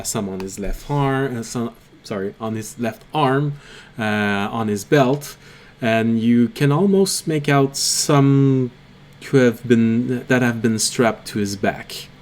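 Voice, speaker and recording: A man's voice: mid-range voice, a little hiss or hum. A man narrating a tabletop game as game master, hesitant with many ums and uhs.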